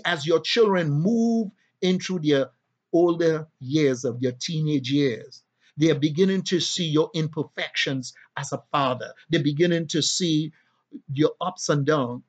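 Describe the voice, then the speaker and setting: A man preaching a sermon in a rhythmic style, building to emphatic, drawn-out peaks. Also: fairly high pitch.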